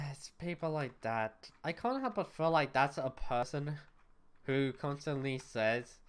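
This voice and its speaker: A man's voice: fairly high pitch, lively intonation, slow pace, clean tone. A man streaming a video game as a VTuber, talking to chat in a rambling, blunt and exasperated way, swearing freely. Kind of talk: casual gaming livestream chat.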